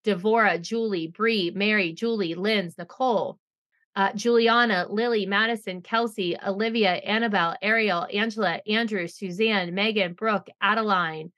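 Bright, emphatic woman podcast host. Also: medium pitch, steady tone, moderate pace. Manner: emphatic and reactive, blunt humor. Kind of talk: casual chat and show reading.

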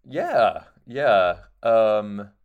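A man's voice: lowish voice, big pitch swings, very slow, clean tone, dull audio. A man with a Sussex accent, co-hosting a podcast and chatting casually about a TV episode, laughing often and filling gaps with "like". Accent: Sussex English. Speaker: podcast co-host. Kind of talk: casual chat reviewing a TV episode.

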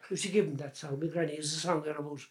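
Here an older man from Cork, a columnist and folk singer with a Cork Irish accent, is racing through a casual interview. His voice is a little high and his intonation fairly even, and he tends to ramble and restart his words.

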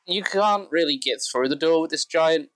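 A game master narrating a tabletop role-playing game in a relaxed, matter-of-fact way. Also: mid-range voice, normal speed, no echo, rough recording.

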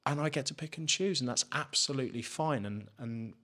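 A man's voice: mid-range voice, fairly quick, bright, forceful tone. A man, a podcast guest telling a candid personal story and swearing freely. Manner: frank, swears freely, acts out his own inner questions.

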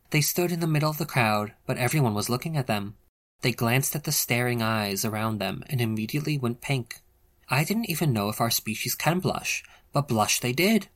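A man narrating an audiobook with playful, theatrical flair, at an ordinary pitch. He leans into the drama of each scene as he reads. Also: fairly bright tone. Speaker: audiobook reader.

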